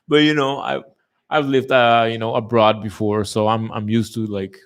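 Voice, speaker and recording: A man with a somewhat low voice talks casually to his viewers. He rambles through stories with lots of fillers and easy swearing. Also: moderate pace, long pauses. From lives in a tourism-based place, has lived abroad. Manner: relaxed, rambling, swears often, many fillers. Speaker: channel host chatting with viewers. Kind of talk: casual live chat.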